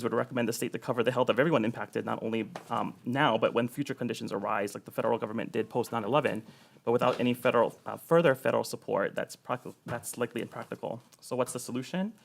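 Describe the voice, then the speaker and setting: A man's voice: medium pitch, creaky. A man reading prepared testimony at a public hearing. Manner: reads quickly from a prepared statement.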